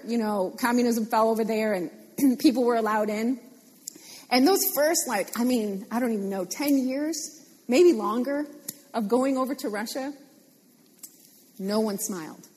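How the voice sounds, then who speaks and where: A woman preaching a sermon, animated and playful, repeating phrases for emphasis. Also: fairly high pitch, slightly rough, long reverb tail.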